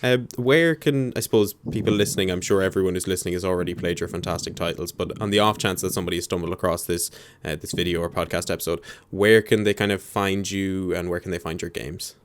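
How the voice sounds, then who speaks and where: A man's voice: low-pitched, fast, few pauses, smooth. A young man hosting a podcast interview, polite and a little hesitant, with frequent fillers. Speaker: podcast host.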